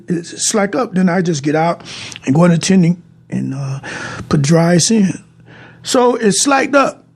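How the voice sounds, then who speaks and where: A man with a very high voice tells his viewers a personal story. He rambles, doubles back on his phrases and speaks to the audience directly.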